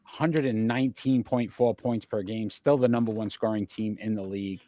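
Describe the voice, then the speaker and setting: Stat-heavy sports talk host, dry sound. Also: male voice, on the low side, fairly even intonation, normal speed, mellow, no room sound. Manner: asks long, winding questions packed with stats.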